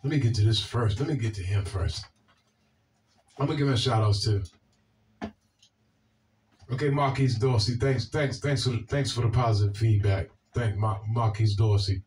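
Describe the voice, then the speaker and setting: A man with a Washington, D.C. accent talks bluntly and swears freely while he answers viewer comments, often circling back over the same words. His voice sits a bit back from the microphone at an ordinary, middle pitch. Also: moderate pace, long pauses, a little mellow, distant mic, a little hiss or hum. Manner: blunt, profane, repeats himself. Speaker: video host.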